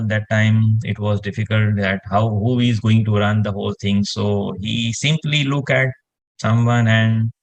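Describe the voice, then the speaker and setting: A man, explaining space science in casual conversation and rambling with lots of "you know" fillers. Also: fairly low pitch.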